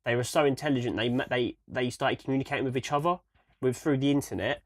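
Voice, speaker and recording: A young man co-hosting a casual podcast stream, rambling excitably and swearing freely. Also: medium pitch, quick pace, no echo. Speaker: podcast co-host. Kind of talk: casual livestream chat.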